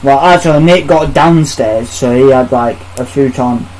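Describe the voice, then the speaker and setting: A man's voice: mid-range voice, moderate pace, darkish tone, slight background noise, rough recording. Blunt, swearing man telling a story. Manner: blunt, heavy swearing, acts out quoted exchanges. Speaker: podcast host. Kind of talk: casual storytelling chat.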